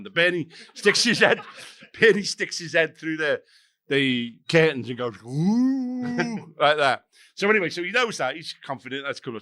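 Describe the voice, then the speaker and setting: Older man, sardonic sweary storyteller, bright tone, slightly high. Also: dry recording, clean studio sound. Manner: sardonic, sweary, rambling anecdotes. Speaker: podcast host. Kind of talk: live comedy podcast chat. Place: comedy venue stage before a live audience.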